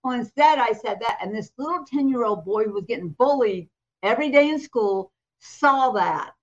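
An American woman tells a story on a talk show, slipping into the voices of the people in it and laughing as she goes. Her voice sits a little high. The sound is slightly dull, like a lo-fi recording. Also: moderate pace. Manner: animated storyteller, acts out quoted voices, laughs often. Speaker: co-host and prophetic minister.

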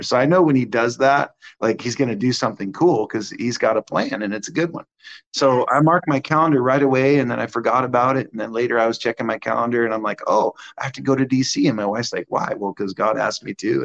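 A man's voice: mid-range voice, highs cut off. Man telling a story with voiced quotes. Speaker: guest minister. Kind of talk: conversational testimony.

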